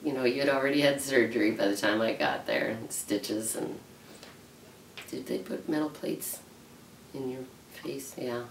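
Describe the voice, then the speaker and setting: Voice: mid-range voice, expressive, moderate pace, vocal fry. A family member plainly recounting an accident from years ago in a documentary interview. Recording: roomy, distant mic, faint background noise.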